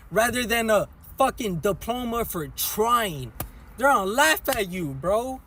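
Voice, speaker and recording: High-voiced, slangy, defensive man. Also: lively intonation, moderate pace, fairly bright tone, slight background noise. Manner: slangy, defensive, says "bro" constantly. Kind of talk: heated casual argument. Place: inside a car.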